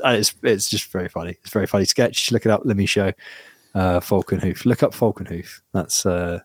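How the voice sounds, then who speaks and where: A man's voice: low voice, steady tone, a little fast, no room sound, studio quality. A man co-hosting a podcast in casual chat, rambling and self-interrupting, laughing often. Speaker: podcast co-host.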